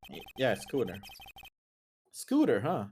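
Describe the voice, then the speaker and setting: A woman chatting excitably while playing a game on stream, stumbling over her reads and swearing in surprise. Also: very deep voice, slow pace. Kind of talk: casual let's-play chat.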